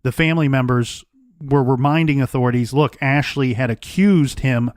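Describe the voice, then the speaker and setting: A man hosts a true crime podcast and lays out the case in a measured, storytelling way. His voice sits at an ordinary middle pitch. The sound is dry and close, with no room echo. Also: a little mellow. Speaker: podcast co-host.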